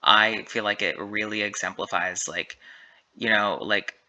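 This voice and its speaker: Rambling man with a bright tense tone. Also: lowish voice, fairly even intonation, measured pace. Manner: rambling, self-correcting, lots of fillers. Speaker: drag race recap commentator. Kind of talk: casual solo commentary.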